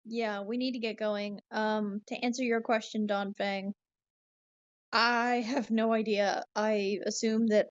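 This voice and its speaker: A woman's voice: mid-range voice, little pitch movement, measured pace, no echo, muffled recording. A woman player chatting hesitantly in a tabletop game. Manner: hesitant, filler-heavy. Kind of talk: casual tabletop game chat.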